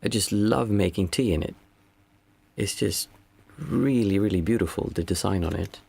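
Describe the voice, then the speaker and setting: A man's voice: on the low side, vocal fry, darkish tone, slightly rough. A man, a meditation teacher chatting casually and reflectively with viewers on a livestream. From Sweden. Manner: unhurried, reflective, reads out chat messages.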